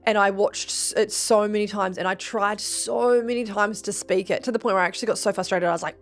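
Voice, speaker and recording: A woman hosting a podcast, telling a personal story in casual chat, animated and swearing often, acting out the quoted voices with big jumps in pitch. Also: brisk, few pauses, soft background music. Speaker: podcast host. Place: Gold Coast region.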